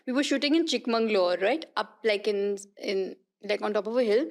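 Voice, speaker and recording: A woman's voice: medium pitch, brisk. A woman, a guest on a podcast, telling stories animatedly and laughing often. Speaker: guest, actress and politician. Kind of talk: casual podcast conversation.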